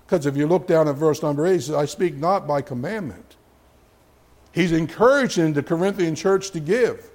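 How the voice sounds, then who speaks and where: A man's voice: fairly high pitch, darkish tone. A middle-aged man preaching a sermon as pastor, conversational and folksy, with chuckling asides to the congregation.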